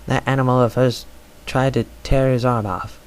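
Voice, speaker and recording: A man's voice: medium pitch, little pitch movement, normal speed, natural voice. A man voicing a haughty, scornful queen who speaks in a sneering, accusing way in a storybook reading.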